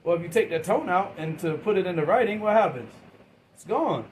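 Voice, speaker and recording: A man teaches a class in a voice slightly higher than most men's, with lively intonation and a brisk pace. He often asks his students questions and waits for answers, speaking informally with repeated and restarted words, while faint room noise hums in the low-quality recording.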